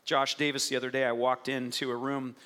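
Man preaching, animated and playful, bright ringing voice, fairly high, long hall reverb. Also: brisk. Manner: animated, playful storytelling with bursts of acted quotes. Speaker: pastor. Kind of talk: sermon.

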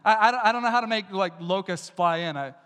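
A man's voice: high-pitched, sharp tone, clear, resonant tone, long reverb tail, voice pushed down. A man voicing a timid male prophet who stammers in awe and doubt. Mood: amazed, unsure. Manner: halting, stammering.

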